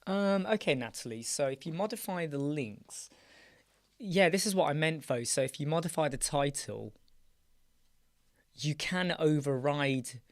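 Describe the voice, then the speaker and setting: A British man hosting a casual live chat show, his voice a little croaky and weak, answering viewers by name. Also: fairly high pitch, animated, a little slow, dry recording. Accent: British English. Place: small dark soundproofed room.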